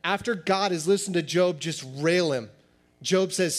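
A pastor giving a sermon in a conversational, animated style, acting out little dialogues as he teaches. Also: sits high, measured pace.

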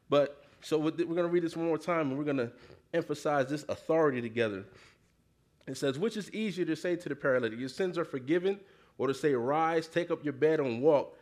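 A man delivers a relaxed, conversational sermon to a congregation, reading scripture and then riffing on it in slangy everyday talk. His voice sits slightly higher than most men's, and he keeps drawing the listeners in, asking them to call words back to him. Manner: conversational, slangy, frequent "you know", calls for congregation response. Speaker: preacher.

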